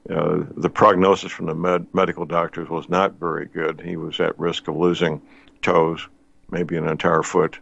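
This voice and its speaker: A man's voice: low-pitched, level tone, normal speed, gravelly, a bit bright. An older man hosting a radio talk show, chatting in a folksy, rambling way with many fillers. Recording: dull lo-fi radio sound.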